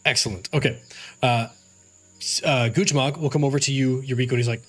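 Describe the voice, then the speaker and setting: A man's voice: mid-range voice, fairly even intonation, a little fast, a bit bright, soft background music. A man narrating as game master for a tabletop game, rambling with fillers and restarts.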